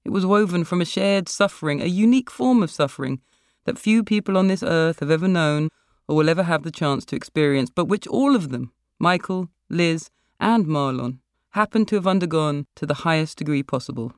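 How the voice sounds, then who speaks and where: An author reading their own short story aloud in a wry, measured storytelling voice. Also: mid-range voice, lively intonation, no echo, studio quality. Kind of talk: literary reading.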